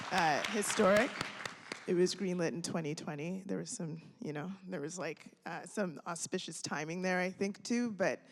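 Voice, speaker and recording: Candid woman panelist in a reverberant hall. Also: fairly low pitch. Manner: reflective, candid, searching for words. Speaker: filmmaker on a panel. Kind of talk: panel discussion answer. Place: museum auditorium. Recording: reverberant auditorium.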